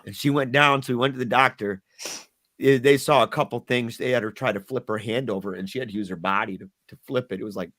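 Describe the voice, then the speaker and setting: A middle-aged man speaks as a guest on an interview podcast, with a voice that sits at an ordinary middle pitch. He tells a painful personal story earnestly and haltingly. He restarts and repeats his words when the memory weighs on him. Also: fairly bright tone.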